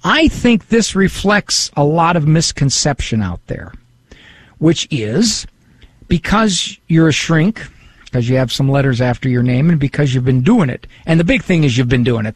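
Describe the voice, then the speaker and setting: A man's voice: a little high, breathy edge, no room sound. A man hosting a radio talk show in a studio, chatting casually and reading listener emails aloud with a self-deprecating humor.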